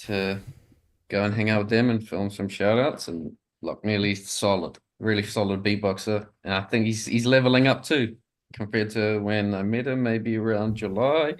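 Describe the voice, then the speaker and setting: A man's voice: lowish voice, moderate pace. A man guesting on a casual livestream chat, upbeat and friendly, calling people brother.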